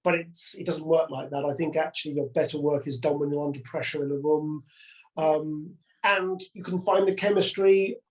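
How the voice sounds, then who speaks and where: A man's voice: on the high side, darkish tone, low-quality recording. A man chatting as an actor guest, earnest and reflective, repeating words as he thinks. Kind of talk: relaxed conversational chat.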